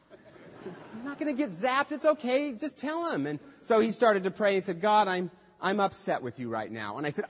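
A man's voice: high-pitched, very animated, fairly quick. A man preaching a sermon in a conversational way, acting out quoted voices with light humor. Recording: dull lo-fi sound with long hall reverb.

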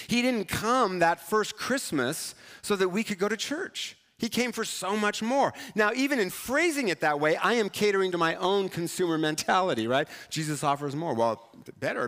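Male pastor, high voice, conversational and animated sermon, long church-hall reverb. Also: moderate pace, few pauses. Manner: conversational, animated, self-mocking. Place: church sanctuary.

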